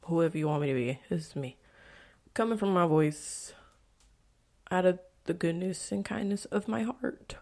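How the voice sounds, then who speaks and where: A young adult woman hosting her own podcast, talking candidly and bluntly about her life, with frequent profanity and stretches where she drops to a soft whisper. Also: fairly low pitch, moderate pace. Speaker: podcast host. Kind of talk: candid confessional monologue.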